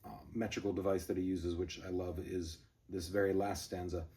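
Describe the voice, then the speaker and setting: A man reading a poem at a brisk, driving pace, then commenting casually with fillers and restarts. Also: low-pitched, little pitch movement, warm tone, far from the mic. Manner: brisk galloping recitation, rambling asides with fillers. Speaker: poetry reader and commentator.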